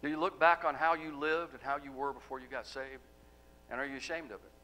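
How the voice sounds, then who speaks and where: A man preaching a sermon as pastor, asking the congregation rhetorical questions and letting key words fall soft. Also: medium pitch, fairly even intonation, fairly quick, rough recording. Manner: emphatic, rhetorical questions, drops to soft endings.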